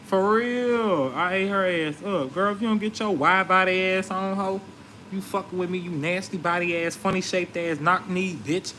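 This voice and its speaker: A man's voice: high voice, normal speed, a little hiss or hum, low-quality recording. Brash, profane man ranting. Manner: brash, confrontational, animated retelling. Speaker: vlogger. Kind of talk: profane storytelling rant.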